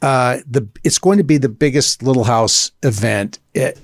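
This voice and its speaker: A man co-hosting a podcast speaks at a middle pitch in an easy conversational way. He often stops and restarts as he goes. The recording is dry and close. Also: normal speed, no echo. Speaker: podcast co-host. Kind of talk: casual interview chat.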